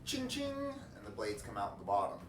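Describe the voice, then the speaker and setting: A man narrating as dungeon master in a halting, casual way, full of restarts and fillers. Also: lowish voice, huge pitch swings, reverberant, distant mic, slight background noise. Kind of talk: narrating a tabletop game.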